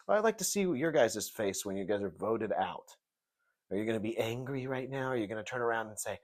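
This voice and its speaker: A man with a somewhat low voice talks through a TV episode review in loose, rambling commentary. He swears freely, jokes, and slips into mocking rants. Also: big pitch swings, a little fast. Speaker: TV show reviewer. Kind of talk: casual video review commentary.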